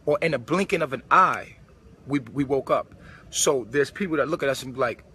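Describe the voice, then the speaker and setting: A man's voice: mid-range voice, brisk, pushed and bright, a little hiss or hum. A man giving a casual spiritual monologue, preachy and full of street slang. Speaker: spiritual vlogger. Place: old supermarket converted to a club.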